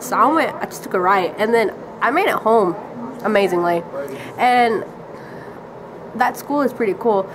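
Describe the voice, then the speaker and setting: A teenage girl rambles through a casual story, giggling and filling gaps with "like". Her voice sits at an ordinary middle pitch. There is steady hiss and background noise on the recording. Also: moderate pace. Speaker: vlogger.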